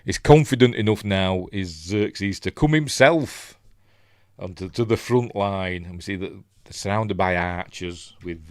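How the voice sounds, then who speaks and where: A man's voice: low-pitched, darkish tone, no room sound. A man with a Yorkshire accent chatting casually through a film review, rambling with lots of fillers and restarts. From Yorkshire, England. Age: middle-aged. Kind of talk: casual live commentary on a film.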